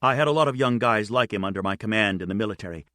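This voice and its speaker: A man voicing a patient, steady female airline captain who speaks quietly and kindly. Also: on the low side, racing, no echo, studio quality. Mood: calm.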